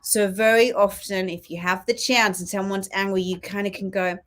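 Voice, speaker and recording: A woman's voice: medium pitch, normal speed. A woman co-hosting a casual spiritual chat show, talking earnestly and acting out little quoted exchanges. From Australia. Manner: earnest, with lively quoted asides. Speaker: co-host.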